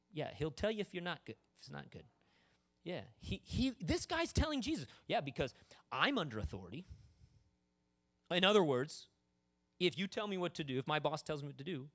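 A pastor delivers a loose, casual sermon full of jokes and asides. He is very animated and a little quick, his slightly high voice jumping all over the place.

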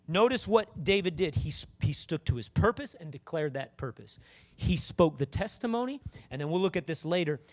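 A man preaching a lively sermon to a congregation, emphatic and calling out to them. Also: on the high side, moderate pace. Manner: animated, emphatic, calls out to the congregation. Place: church with congregation.

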